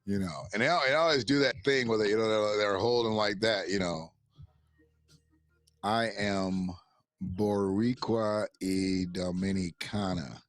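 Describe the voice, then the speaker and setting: A man's voice: on the low side, quick pace, hardly any pauses, fairly bright tone, dry recording. A man hosting a livestream in casual commentary, rambling and swearing, laughing often and reading out chat messages. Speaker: livestream host.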